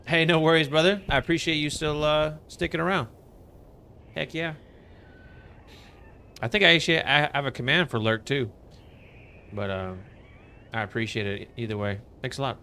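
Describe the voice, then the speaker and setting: A man's voice: mid-range voice, steady tone, moderate pace, pauses often, sharp tone, clear, resonant tone. A man streaming a game live, chatting casually with viewers and greeting them with upbeat enthusiasm. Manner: laid-back, greets chat members with upbeat enthusiasm. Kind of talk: casual live-stream chat while playing.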